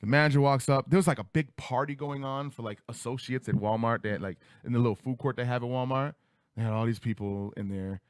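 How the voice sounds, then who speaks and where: A man in his thirties telling a childhood story on a radio talk show, acting out voices with big jumps in pitch. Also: fast talker, smooth, no room sound, clean studio sound. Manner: animated, acts out quotes with big pitch jumps. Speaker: podcast host. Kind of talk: casual storytelling. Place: studio.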